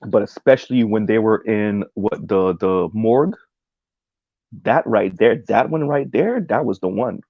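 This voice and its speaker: Low, gravelly male streamer: loose, rambling talk, reads chat aloud, full of "um" and "right?", on a dull lo-fi mic. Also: expressive, measured pace, no echo. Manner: rambling, many "um"s and "right?" tags. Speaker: streamer reacting to a video essay. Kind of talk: casual livestream commentary, reading chat.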